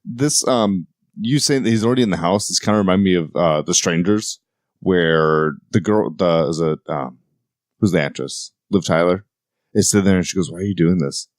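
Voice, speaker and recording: Low-voiced man chatting about comics. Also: normal speed, no echo, clean studio sound. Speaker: podcast co-host. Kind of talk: casual comic book chat.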